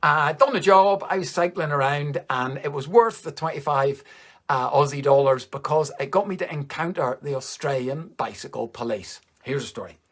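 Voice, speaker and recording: A man from Northern Ireland with a Northern Irish accent, doing animated stand-up storytelling for a virtual show, swearing freely and jumping up in pitch for punchlines. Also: normal speed. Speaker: stand-up comedian.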